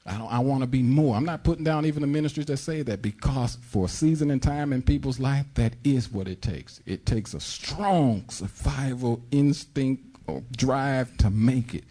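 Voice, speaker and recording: A man preaching a fervent sermon as pastor, acting out prayers in a high pleading voice between plain teaching. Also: moderate pace, hardly any pauses, dark tone.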